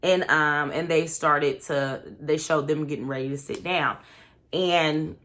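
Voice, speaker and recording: Low, bright-voiced woman recapping TV. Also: fairly even intonation, unhurried. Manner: chatty, retells scenes by acting out quotes. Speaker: reality TV commentator and show host. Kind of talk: casual recap commentary.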